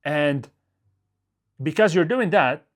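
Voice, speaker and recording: A man's voice: on the high side, expressive, takes it slowly. A male coach giving a motivational talk to his audience, emphatic, repeating his phrases and often checking in with "okay?".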